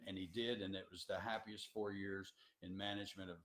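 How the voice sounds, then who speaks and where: A man's voice: deep voice, level tone, fairly quick, hardly any pauses, fairly bright tone. A man who works as a tour coordinator gives an educational talk to students, in a folksy, emphatic storytelling style full of restarts. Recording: roomy echo.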